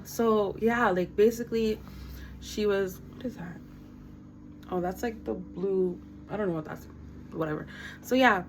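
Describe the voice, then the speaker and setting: A young woman telling a workplace story in a blunt, animated way, swearing freely and quoting coworkers. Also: mid-range voice, unhurried, pauses often, a little hiss or hum, low-quality recording. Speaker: vlogger. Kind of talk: casual storytime.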